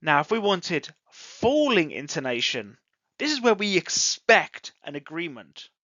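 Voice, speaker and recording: An English teacher giving a scripted online grammar lesson, deliberately acting out example sentences with exaggerated rising and falling intonation. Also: medium pitch, very animated, sharp tone, dry recording. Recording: dull lo-fi audio, dry close sound.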